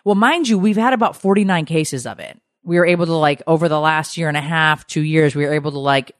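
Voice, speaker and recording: A middle-aged woman co-hosting a podcast, telling stories in a lively, gossipy way and swearing freely. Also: low-pitched, fast talker, no room sound, studio quality. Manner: animated, gossipy storytelling with swearing. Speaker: podcast co-host. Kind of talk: casual chat.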